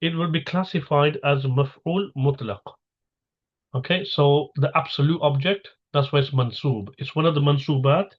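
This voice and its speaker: A man's voice: on the high side, lo-fi sound. A man teaching a grammar lesson, patiently breaking each sentence down step by step and repeating key terms.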